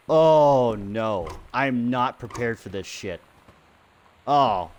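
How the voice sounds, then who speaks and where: A man commenting on a video game he plays alone in a dark room, swearing often and getting loudly frustrated. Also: mid-range voice, animated, slow pace, a little hiss or hum. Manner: swears constantly, frustrated and loud. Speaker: gamer streaming a playthrough. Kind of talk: profane let's-play commentary.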